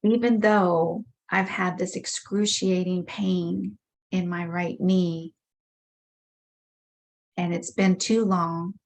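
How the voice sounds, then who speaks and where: Woman, low flat voice, unhurried guided tapping script, measured repeated phrases. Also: a little hiss or hum. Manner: slow, measured affirmations voicing frustration. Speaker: EFT tapping practitioner.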